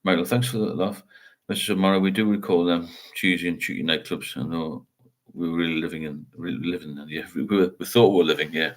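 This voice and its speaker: Low-voiced rambling man. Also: fairly even intonation, quick pace, few pauses. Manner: rambling, reads out viewer comments. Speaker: livestream host. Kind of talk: casual livestream chat.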